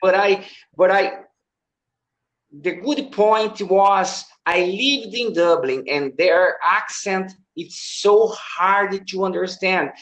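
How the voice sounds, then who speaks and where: Slow, halting Brazilian man. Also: high voice, a bit bright, poor audio. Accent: Brazilian Portuguese. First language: Portuguese. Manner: halting, restarts phrases. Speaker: English student. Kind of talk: casual conversation lesson. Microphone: video call.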